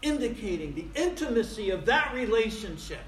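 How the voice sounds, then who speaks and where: A male pastor preaching a sermon emphatically, with big swings in loudness. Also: sits high, very animated, brisk, slight background noise. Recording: echoey room.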